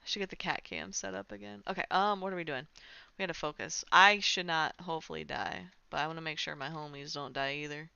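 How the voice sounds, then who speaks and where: A woman's voice: sits low, steady tone, fast talker, gravelly, few pauses, sharp tone, clear, resonant tone. A young woman streamer in casual chat, rambling with lots of fillers, on a dull lo-fi home mic. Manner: chatty, rambling, full of "like" fillers. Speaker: game streamer.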